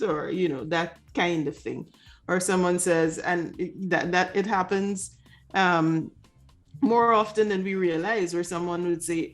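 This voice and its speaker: A woman's voice: on the low side, a little slow, faint music behind. A woman co-hosting a casual talk show, explaining ideas and acting out quoted remarks. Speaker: podcast co-host. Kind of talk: casual conversation.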